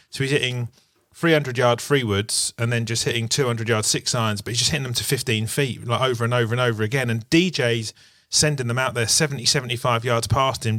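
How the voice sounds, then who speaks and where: A man co-hosting a casual golf podcast, telling stories in a loose, rambling way with plenty of fillers. His voice sits in a middle pitch. The sound is dry and close to the mic. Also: dry recording. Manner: rambling, animated storytelling full of "like" and "you know". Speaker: podcast co-host. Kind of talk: casual sports chat.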